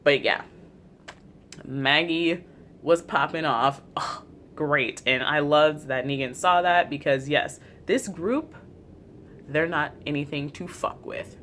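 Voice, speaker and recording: An excitable fan vlogger recaps a TV episode, talking loosely and swearing freely. The voice sits at a middling pitch. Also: takes it slowly, slight background noise. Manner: chatty, profane, excitable.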